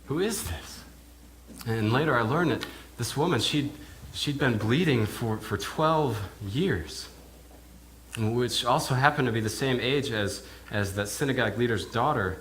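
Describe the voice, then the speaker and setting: A man, a minister, telling a sermon in character as a first-person eyewitness, halting and repeating words as he goes. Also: mid-range voice, fairly bright tone, slight background noise. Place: church.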